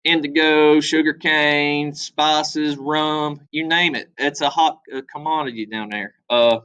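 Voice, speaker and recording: A man's voice: on the high side, steady tone, slow, sharp tone, clear, resonant tone, rough recording. A man teaching a casual history review, talking loosely with frequent fillers. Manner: loose, conversational, many "uh" fillers, acts out quotes.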